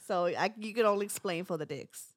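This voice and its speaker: A woman's voice: medium pitch, fairly quick, no room sound, studio quality. A young adult woman with a Southern California accent co-hosting a podcast in casual chat, laughing often and filling her talk with "like". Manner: laughs often, talks with many "like" fillers. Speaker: podcast co-host.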